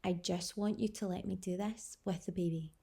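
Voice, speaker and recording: A woman's voice: fairly low pitch, fairly even intonation, normal speed, gravelly, warm tone, breathy edge. A young adult woman hosting a vlog, telling her birth story in an effusive way, heaping on superlatives. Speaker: vlog host.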